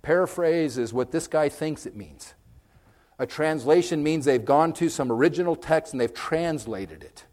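Animated folksy male preacher. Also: a little high, normal speed. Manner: animated, swings from loud to hushed and whispered; folksy, direct, addresses listeners with okay and amen. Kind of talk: conversational sermon.

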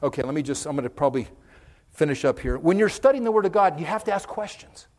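A man preaching a conversational sermon, folksy and direct with his listeners, swinging from loud emphasis to hushed, whispered moments. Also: on the high side, expressive, quick pace. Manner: folksy, direct, addresses listeners with okay and amen.

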